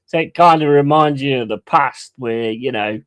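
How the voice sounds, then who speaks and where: A man's voice: medium pitch, normal speed, a bit bright, no room sound. A man chatting casually on a live stream, rambling and swearing between chuckles.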